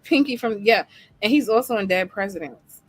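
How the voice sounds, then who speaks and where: A woman hosting a casual chat, chatty and animated, often laughing. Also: medium pitch, moderate pace, soft background music. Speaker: host.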